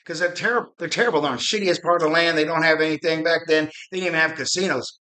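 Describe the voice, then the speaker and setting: A man's voice: on the high side, very fast, sharp tone. A middle-aged man from Arizona, hosting his show in a fired-up, profane political rant that rambles and restarts. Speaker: podcast host.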